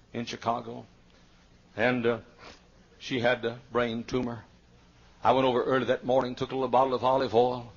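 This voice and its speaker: An older male Southern American pastor preaching a sermon, telling stories and swinging between quiet asides and shouted climaxes. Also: mid-range voice, slightly rough. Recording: dull lo-fi archival sermon tape.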